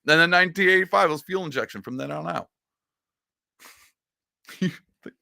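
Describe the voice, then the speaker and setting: A man talks through a casual reaction commentary with a bright, forceful edge to his voice. His pitch swings up and down freely as he mocks what he is watching. The sound is close and dry, with no room around it. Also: expressive, normal speed, creaky, long pauses, dry recording. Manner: sarcastic, mocking, rambling. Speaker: political commentary host.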